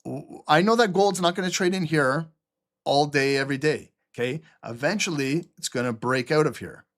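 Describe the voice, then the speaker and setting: A man's voice: on the high side, normal speed, a bit bright. A middle-aged man hosting a live trading stream, blunt, sarcastic and profane, with typing heard behind him.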